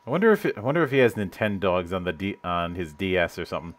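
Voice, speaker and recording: A man's voice: sits low, animated, racing. A man hosting a casual podcast chat, rambling and often restarting his sentences with stammered repeats. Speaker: host.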